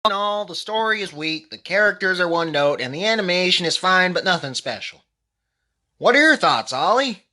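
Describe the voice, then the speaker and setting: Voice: mid-range voice, moderate pace. A performer voicing a dry, sarcastic male clay-animation figure who reviews movies. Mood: calm. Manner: deadpan, sarcastic.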